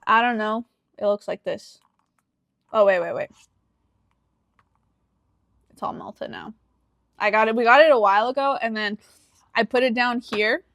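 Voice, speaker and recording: A young woman co-hosting a podcast in casual chat, telling a story with lively acted-out quotes and frequent laughter. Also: on the high side, a little slow, pauses often, no echo, clean studio sound. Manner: animated storyteller who acts out quoted dialogue and laughs often. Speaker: podcast co-host.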